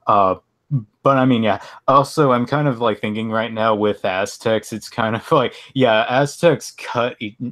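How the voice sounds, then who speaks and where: Male guest, lowish voice, halting filler-heavy chat on a call. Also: fairly bright tone. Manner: hesitant, lots of "uh" and "like", laughs along. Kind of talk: casual chat. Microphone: video call.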